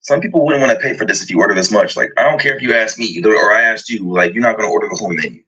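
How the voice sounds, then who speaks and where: A man's voice: fairly low pitch, racing, pushed and bright, breathy edge, muffled recording. A man ranting in a mocking, exasperated way about an overly large restaurant order. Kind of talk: casual reaction rant.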